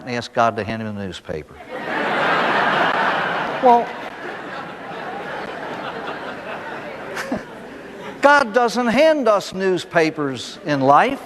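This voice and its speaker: A man giving a recovery talk with a folksy storyteller's touch, his slightly high voice rising and falling a great deal. He swings from loud emphasis down to near-whispered asides and keeps asking the listeners questions. The sound carries a long hall reverb.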